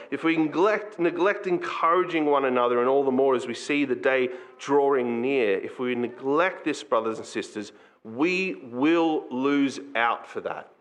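A man preaching a sermon as pastor, earnest and conversational, slipping into quick acted asides. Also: medium pitch, fairly bright tone.

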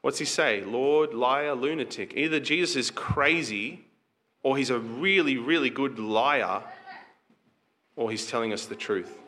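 A man's voice: mid-range voice, unhurried, pushed and bright. A pastor preaching a conversational sermon to his congregation, asking rhetorical questions and reading scripture aloud.

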